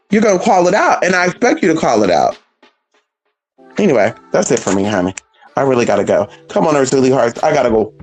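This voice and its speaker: A woman's voice: low-pitched, a little mellow, low-quality recording. A woman giving a sassy, blunt and profane vlog monologue, calling listeners honey and girl and talking back to imagined critics. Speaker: vlogger. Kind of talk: casual opinionated monologue.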